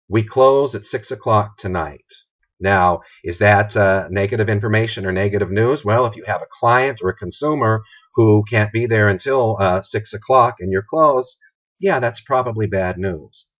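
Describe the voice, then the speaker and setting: A man teaching a business writing course in a recorded video lecture, measured and pausing with filler words, posing rhetorical questions to students. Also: fairly low pitch. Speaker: college instructor. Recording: dull lo-fi sound.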